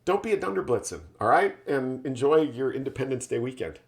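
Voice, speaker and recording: A man's voice: medium pitch, lively intonation, brisk, vocal fry. Chatty man telling a parable. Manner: chatty, frequent tag questions. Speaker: sales leadership speaker. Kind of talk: casual storytelling lesson.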